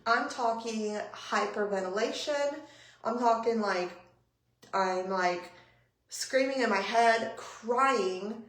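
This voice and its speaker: Animated high-voiced woman vlogger, roomy echo. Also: slow. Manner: animated, profane, breathless retelling. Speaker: vlogger on a live stream greeting viewers. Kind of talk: casual storytelling.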